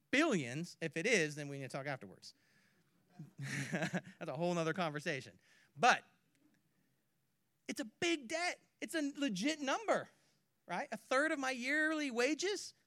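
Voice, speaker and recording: A man preaching a sermon, swinging from hushed to loud and back, with playful asides. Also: extremely high pitch, dry recording, studio quality. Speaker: pastor.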